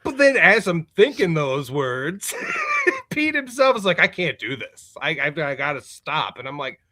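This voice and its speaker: Guy musician guest on a podcast, kinda high voice, laughs a lot, cusses, rambles with lots of likes and uhs. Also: a little slow. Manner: animated, laughing, swears freely, lots of fillers. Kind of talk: casual storytelling chat. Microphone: remote call setup.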